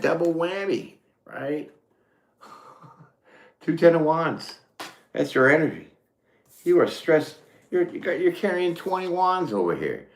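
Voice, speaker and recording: A man's voice: a little high, very animated, a little slow, long pauses, reverberant. A man doing a casual live tarot reading, a swearing storyteller who rambles and laughs often. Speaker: tarot reader; former mechanic.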